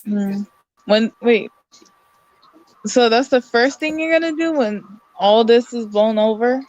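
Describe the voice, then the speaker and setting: A woman's voice: a little high, takes it slowly, darkish tone, highs cut off. A woman hosting a casual chat on a video call, asking questions. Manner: chatty, asks questions. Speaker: host.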